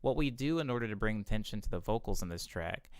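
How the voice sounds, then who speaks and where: A man with a lowish, smooth and clear voice talks through a music production tutorial in a relaxed way, step by step. He catches his own slips and corrects himself quickly. The sound is close and dry, with no room around it. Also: dry recording. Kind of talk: casual tutorial walkthrough. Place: home music studio.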